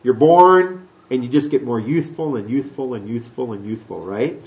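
A man preaching a sermon, teaching from the Bible in a chatty, folksy way, reading scripture aloud and slipping into quick voices. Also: mid-range voice, a little mellow, lo-fi sound. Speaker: pastor.

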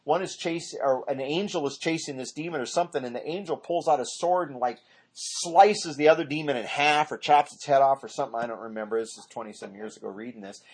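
A man's voice: mid-range voice, quick pace, slightly rough. A man teaching an informal Bible study, rambling off on tangents and correcting himself as he goes.

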